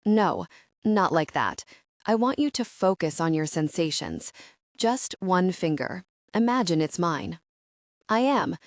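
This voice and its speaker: Brief: woman playing a controlled male lover, steady and commanding, dry close sound. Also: fairly low pitch, measured pace, no room sound.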